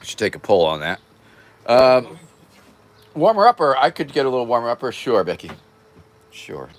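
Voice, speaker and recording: A man's voice: mid-range voice, very animated, normal speed. An older man hosting a casual livestream, rambling loosely and irreverently as he thanks viewers by name. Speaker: livestream host. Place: home, near a porch.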